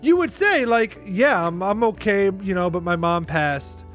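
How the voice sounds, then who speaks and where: Podcast host, male, high voice, talks in a loose, exasperated ramble. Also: animated, unhurried, fairly bright tone, faint music behind. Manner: rambling, exasperated, heavy use of "like". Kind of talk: casual reaction commentary.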